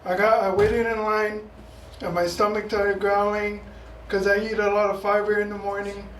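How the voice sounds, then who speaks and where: A man's voice: sits high, level tone, normal speed, a bit bright. A man performing stand-up in a small theater, telling a crude, indignant story. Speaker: stand-up comic. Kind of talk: stand-up comedy set. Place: small theater with live audience. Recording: echoey room, distant mic, clear background noise.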